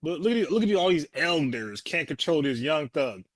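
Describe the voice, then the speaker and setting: Mocking a protest video in a casual way, this man is blunt and scornful and laughs frequently. He speaks at a normal speed in a fairly high voice with big swings in pitch, and there's no room sound.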